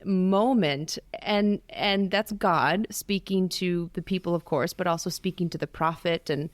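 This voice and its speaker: A woman biblical scholar in casual panel talk, lively and dramatizing quotes with sudden jumps in pitch. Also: unhurried, dry recording. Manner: animated, acts out quoted voices with big pitch jumps.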